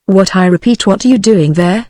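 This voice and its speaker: A woman's voice: medium pitch, moderate pace, mellow, no room sound, clean studio sound, natural voice. Synthetic woman reading a stout irritable French minister. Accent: British English.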